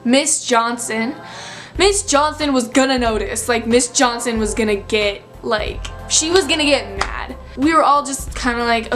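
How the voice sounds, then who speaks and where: A woman's voice: sits high, normal speed, fairly bright tone, faint music behind. A young woman in her late teens telling a storytime vlog in a chatty, filler-heavy, breathless way. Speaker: vlogger.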